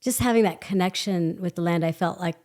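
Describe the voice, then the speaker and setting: A woman guest telling a personal story in an animated way, laughing often and acting out quoted voices. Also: fairly low pitch, fairly quick. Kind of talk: conversational storytelling.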